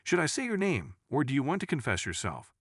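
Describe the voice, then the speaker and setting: A man voicing a calm, confident teenage boy on trial, with a steady, even delivery. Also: on the low side, brisk, no echo, studio quality.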